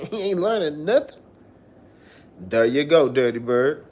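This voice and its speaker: A young man spins a long story for his live chat, animated and full of slang and swearing. His voice sits a little high, and he acts out every quoted line. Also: a little slow. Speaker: livestream host.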